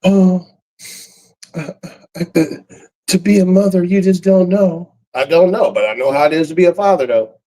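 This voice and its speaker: A man's voice: high-pitched, normal speed, pauses often, warm tone, low-quality recording. A man YouTuber talking in a casual rambling monologue, full of street slang, chuckles and trailing fillers.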